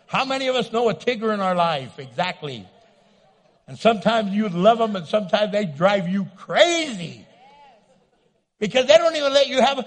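A man preaching a sermon as pastor, loud and animated, joking and acting out little scenes. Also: high-pitched, moderate pace, long reverb tail. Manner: loud, animated, playful with acted asides. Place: church sanctuary.

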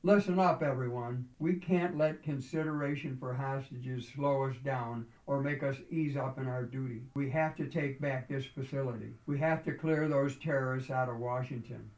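Man narrator as a stern male colonel, commanding and forceful, in a roomy echo. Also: mid-range voice, lightly acted. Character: stern male army colonel giving orders.

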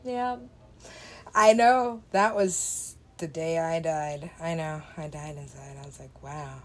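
Woman DJ, slow and meandering, casual swearing, laughs a lot. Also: low voice, fairly even intonation, a little hiss or hum. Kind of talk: rambling casual monologue.

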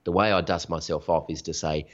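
Deep-voiced man telling frank stories. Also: fairly even intonation, a little fast. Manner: frank, storytelling, motivational. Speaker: podcast guest. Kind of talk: candid interview conversation. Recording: dull lo-fi sound.

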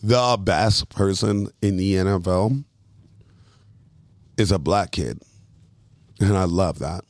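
A man's voice: low-pitched, slow, darkish tone, no room sound. A man hosting a podcast in casual chat, rambling, swearing freely and losing his train of thought. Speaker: podcast host.

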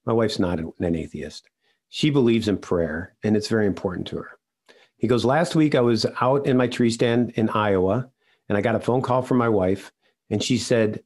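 An older man telling a personal story in an interview, earnest and halting, often restarting his sentences. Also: medium pitch. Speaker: regular podcast host, interviewed guest.

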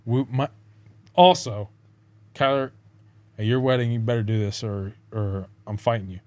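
A man's voice: mid-range voice, normal speed, a little mellow, no room sound. A tipsy young man rambling and swearing as a podcast guest in a casual chat. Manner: rambling, swearing, laughs a lot.

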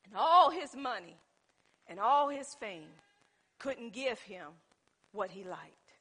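A woman delivers a sermon in a high voice, talking straight to the congregation as "y'all". Her tone is bright and ringing. She moves from easy conversational storytelling into loud, impassioned exhortation. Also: lively intonation, slow, breathy edge. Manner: conversational preaching that builds to impassioned calls; informal, addresses the congregation as y'all. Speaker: preacher.

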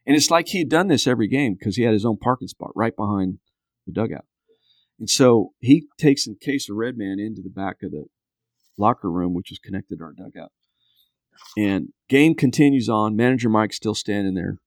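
The fairly low-pitched voice belongs to a podcast guest in his fifties who speaks at a moderate pace. Casually recounting a long story, he performs other people's lines with animation, captured in clean studio sound with no room sound.

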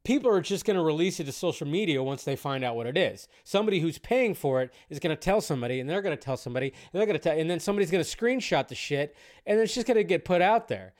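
A man's voice: on the high side, animated, fast talker, hardly any pauses, a little mellow. A man hosting a casual live stream about film news, chatty and rambling, cursing now and then.

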